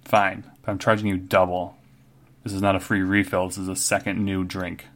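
Man voicing a prickly barmaid, low voice, scolds rude guests and demands manners. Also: level tone, moderate pace, fairly bright tone. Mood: sassy. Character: sassy female barmaid, prickly and proud.

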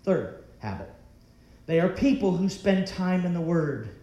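A man's voice: high-pitched, expressive, a little slow, warm tone, echoey room. A man preaching a sermon as pastor, emphatic and full of rhetorical questions.

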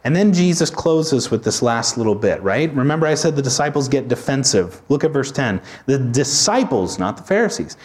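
Male pastor, expressive sermon delivery, conversational, mid-pitched voice. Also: normal speed, hardly any pauses. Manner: conversational preaching with informal asides. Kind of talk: expository sermon.

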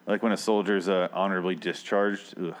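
Very deep-voiced man, crude podcast banter. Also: little pitch movement, a little fast. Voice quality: crude, rambling, offhand. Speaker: podcast co-host. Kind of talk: casual profane chat.

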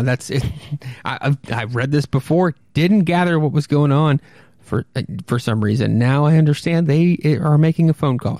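Gravelly, wry podcast host. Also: male voice, medium pitch, darkish tone, dry recording, clean studio sound. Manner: rambling, wry asides with self-corrections. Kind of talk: casual comic commentary and read-aloud.

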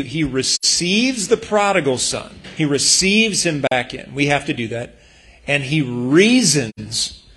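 A man's voice: a little high, a bit bright. A male pastor preaching in a church, talking in an earnest, conversational way with emphatic bursts. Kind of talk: sermon.

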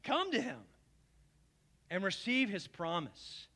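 A man pastor preaching a communion sermon to his congregation, earnest and pleading, swinging from emphatic calls down to low, quiet invitations. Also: sing-song, slow. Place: church service.

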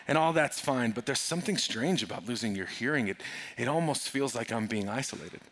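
A middle-aged pastor with a mid-range voice preaches a sermon, shifting from soft, confiding speech to loud, urgent preaching.

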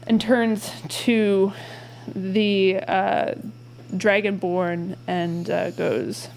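A young woman narrating a tabletop mystery as game master, in a halting, casual way full of ums and likes. Her voice sits at a middling pitch, and a faint hum runs under it. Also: fairly even intonation, creaky, a little mellow. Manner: casual, halting, many fillers.

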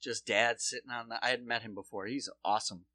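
A man's voice: mid-range voice, fairly even intonation, fast talker, sharp tone, dry recording. A man co-hosting a casual chat, telling rambling anecdotes full of swearing and acted-out quotes.

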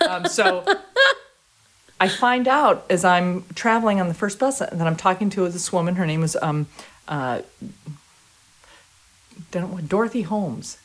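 A woman guest in an interview, telling a story in a lively way, often laughing and restarting her sentences. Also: on the low side, a little slow, long pauses. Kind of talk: conversational storytelling.

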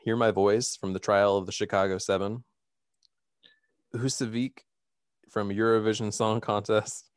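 A man with a somewhat low voice hosts a relaxed chat, reading lists of nominees and breaking into laughter now and then. His delivery is easygoing, and the recording sounds dry and close. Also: unhurried, long pauses, clean tone, no echo. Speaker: podcast host. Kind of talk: casual chat.

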